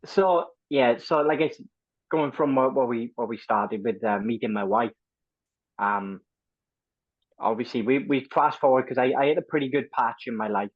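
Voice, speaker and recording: A man's voice: mid-range voice, moderate pace, no room sound. Man in his thirties, dull dry recording. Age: 30s. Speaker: guest. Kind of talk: casual storytelling interview.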